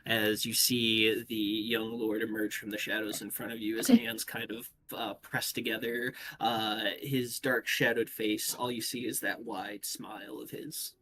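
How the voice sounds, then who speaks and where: A man narrating as game master in a tabletop game, pausing often with "uh". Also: on the low side, vocal fry, a bit bright, slight background noise. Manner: narrates with frequent "uh" pauses.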